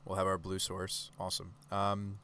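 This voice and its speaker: Chatty low-voiced male streamer. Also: completely flat delivery, normal speed, bright, forceful tone, a little hiss or hum. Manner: casual, chatty, talks to chat with rhetorical questions. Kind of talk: live-stream gameplay commentary.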